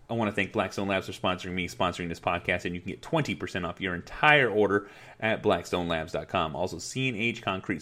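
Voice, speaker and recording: A man's voice: on the low side, fairly bright tone. A middle-aged man hosting his podcast from home on a headset mic, ranting in a frustrated, profane, rambling way. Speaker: podcast host. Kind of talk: casual ranting monologue. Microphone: headset mic at a laptop.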